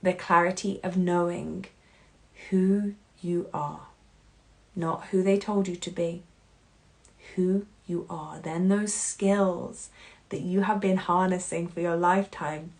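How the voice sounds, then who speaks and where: A woman hosting a solo podcast, talking in an earnest, heartfelt way that swings between loud and hushed. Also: on the low side, steady tone, slow. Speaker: podcast host.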